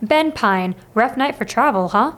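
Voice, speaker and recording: A woman's voice: a little high, lively intonation, a little slow, fairly bright tone. A woman voicing an easygoing innkeeper dad. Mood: friendly. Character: friendly father and innkeeper.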